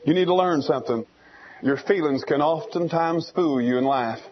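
A man voicing a calm, firm mother eagle giving a lesson to her young son. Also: husky, highs cut off. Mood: instructive. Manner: slow, low, instructive.

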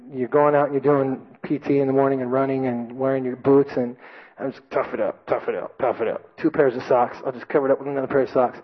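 A man preaching a sermon to a congregation, telling a personal story with lively, self-mocking delivery and loud acted-out voices. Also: mid-range voice. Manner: animated storytelling, shouting quoted drill sergeant. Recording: dull lo-fi recording.

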